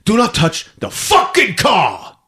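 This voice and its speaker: Man doing a brash, shouting mobster. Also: fairly low pitch, big pitch swings, unhurried. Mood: angry. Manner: loud and shouty. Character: brash, hot-tempered male mobster.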